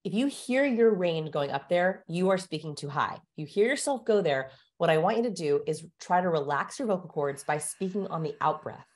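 A woman's voice: on the low side, animated, normal speed, hardly any pauses. A woman guest explaining and demonstrating how to speak, in an instructive coaching manner. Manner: instructive, demonstrates vocal tones. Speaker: communication expert guest.

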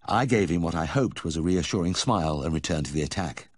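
A man reading a memoir aloud as audiobook narration, telling the story in a measured first-person voice. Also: low voice, lively intonation, no room sound. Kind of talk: scripted narration.

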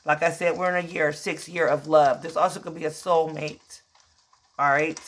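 A woman's voice: low-pitched, fairly even intonation, moderate pace. Emotional chatty woman tarot reader. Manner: chatty, emotional, calls listeners "child". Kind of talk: casual tarot reading.

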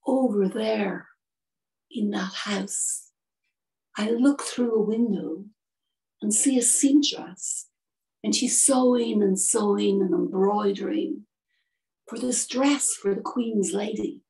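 Sad gentle statue prince, a woman doing him, hushed and slow, dark creaky voice. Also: medium pitch. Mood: pleading. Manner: soft, hushed and sorrowful. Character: sorrowful male prince statue, gentle and grieving. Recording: distant from the mic.

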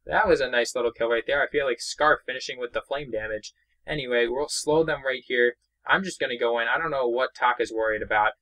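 A young man from Boston giving excitable, chatty commentary while playing a mobile game. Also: medium pitch, rough recording. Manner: excitable, chatty, narrates own moves. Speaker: gaming YouTuber. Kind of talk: let's play commentary.

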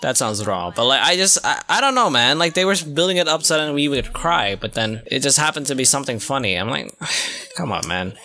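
Excitable guy reacting to anime, keeps yelping and gasping, bright tense voice. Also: fast talker, few pauses. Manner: excitable, breaks into high yelps and gasps; casual slangy talk with many restarts. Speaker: anime reaction channel host. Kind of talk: live reaction commentary.

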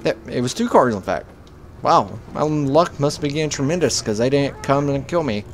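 A man's voice: medium pitch, expressive, moderate pace, a little hiss or hum. Foul-mouthed man joking through a game. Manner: profane, joking, talks back to the game. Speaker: video game let's player. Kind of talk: casual gameplay commentary.

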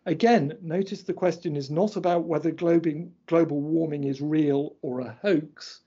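A middle-aged man lectures in a husky, mellow voice that sits a little high. He explains each slide point by point, measured and precise. The recording is dull and lo-fi. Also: fairly even intonation. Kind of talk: academic lecture.

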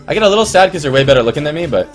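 Profane rambling streamer guy, fairly high voice, music playing softly behind. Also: very fast. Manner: rambling, profane, swings from mumbling to excited. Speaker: livestreamer. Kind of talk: casual stream chat.

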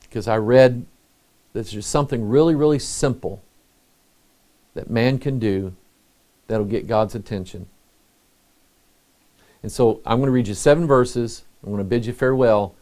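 A middle-aged man, a pastor, preaching a sermon in an earnest, conversational way with pauses. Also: mid-range voice, dark tone.

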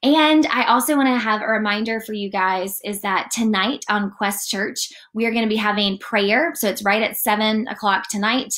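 A woman giving a casual morning devotional, chatty and animated, often saying "like" as she reads and talks. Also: mid-range voice, moderate pace, few pauses. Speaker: church devotional leader.

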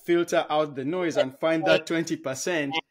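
Man with a slightly high voice, thoughtful podcast talk. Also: steady tone, normal speed. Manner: thoughtful, explains with everyday examples. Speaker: podcast co-host. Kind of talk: casual conversation.

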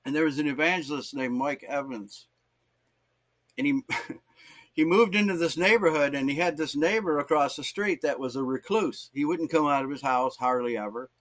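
A male pastor tells a sermon story to his church. His voice sits a little high for a man. He slips into the voices of the people in the story as he goes. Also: normal speed. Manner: animated, acts out voices in stories.

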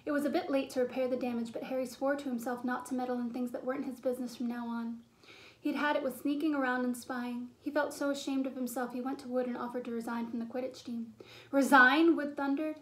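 High-voiced woman reading a storybook. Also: level tone, fast talker, darkish tone. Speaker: audiobook reader.

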